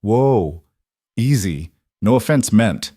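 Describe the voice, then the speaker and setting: A man's voice: lowish voice, expressive, slow, warm tone, no room sound, studio quality. A man playing a cocky young prospector from Boston who taunts with a grinning, mocking tone. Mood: taunting.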